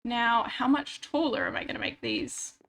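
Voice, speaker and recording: A woman's voice: on the high side, huge pitch swings, moderate pace, a bit bright. Chatty woman, stuffy-nosed. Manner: chatty, rambling, self-mocking asides. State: stuffy nose. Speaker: livestreamer. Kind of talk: casual chat while gaming. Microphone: desk microphone.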